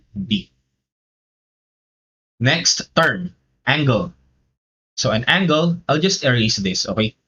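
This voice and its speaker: A man's voice: mid-range voice, sharp tone, muffled recording. A man with a Filipino accent teaching a live online geometry lesson, explaining step by step and switching between English and Tagalog.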